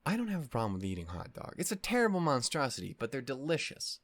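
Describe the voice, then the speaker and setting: A man's voice: medium pitch, wildly swooping pitch, fast, a bit bright, no echo. A man hosting an anime discussion, talking in a casual, rambling rant full of profanity and mock outrage. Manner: rambling with many fillers and restarts.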